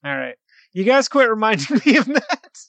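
A man's voice: high voice, sing-song, normal speed, fairly bright tone, dry recording. A man co-hosting a podcast in casual chat, joking and rambling with frequent restarts. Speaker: podcast co-host.

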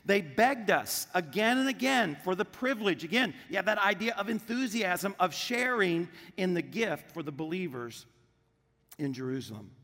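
High, bright-voiced preacher in a hall. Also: male voice, normal speed. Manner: lively, pulls the congregation in with call-and-response. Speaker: pastor. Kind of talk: sermon. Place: church auditorium with congregation.

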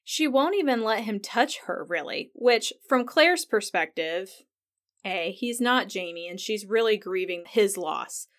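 A woman's voice: medium pitch, lively intonation, unhurried. A chatty woman with a mid-range voice, recapping a TV episode in a casual, conversational way. She leans on "like" often and retells scenes with real feeling. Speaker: podcast host.

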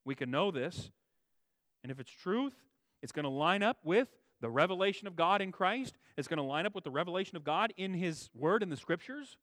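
Emphatic higher-voiced male preacher. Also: expressive, brisk, dry recording. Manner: emphatic, swings between raised stresses and quiet low asides; repeats and restates phrases for emphasis. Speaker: pastor. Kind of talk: sermon.

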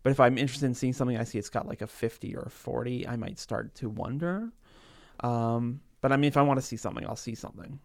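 Thoughtful man reviewing films, mid-pitched. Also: fast, vocal fry, no room sound, studio quality. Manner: thoughtful, hesitant, many fillers. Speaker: film reviewer and podcast host. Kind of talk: casual chat about films.

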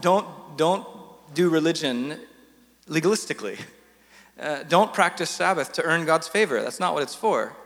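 A man leading a church panel discussion in a relaxed, conversational way, stumbling over and repeating words as he thinks aloud. His voice sits a touch high. A long reverb of a large hall trails after him.

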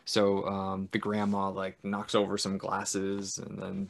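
A man in casual podcast chat, retelling a film's plot with frequent laughs and quick character impressions. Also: sits low, completely flat delivery, creaky. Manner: chatty, laughs often, mimics characters in big voices. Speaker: podcast co-host. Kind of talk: casual film recap chat.

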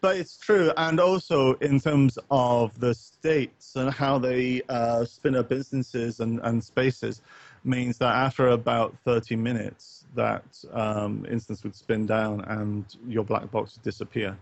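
A man's voice: mid-range voice, steady tone, slow, vocal fry, no echo, dull audio. A man co-hosting a late-night gaming stream, rambling in a casual chat full of fillers, restarts and offhand swearing. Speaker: co-host of a gaming talk stream.

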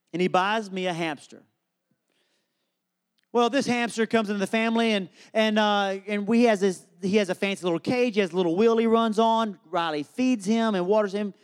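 A man's voice: high-pitched, smooth. A man preaching a sermon, telling a funny family story as a lead-in to his message. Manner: humorous, animated storyteller. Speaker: pastor.

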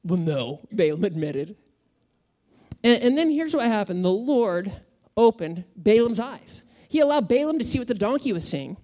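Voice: medium pitch, lively intonation, normal speed, a little mellow. Conversational, humorous pastor. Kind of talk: sermon.

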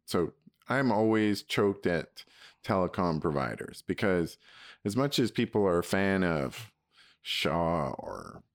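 A man co-hosting a podcast, telling rambling stories and grumbling in a relaxed chat. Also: low voice, slow pace, no echo, clean studio sound. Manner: rambling storyteller, mock-grumbling. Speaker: podcast co-host. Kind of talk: casual chat.

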